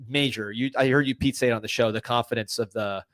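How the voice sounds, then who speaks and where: Fast-talking man giving football opinions. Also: mid-range voice, steady tone, a bit bright, no room sound, clean studio sound. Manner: rambling, confident opinions. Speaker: podcast co-host. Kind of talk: casual sports chat.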